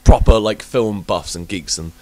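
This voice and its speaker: A man hosting a podcast, chatting casually and ranting with lots of swearing and loud bursts of emphasis. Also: on the low side, normal speed. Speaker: podcast host. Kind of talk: casual chat.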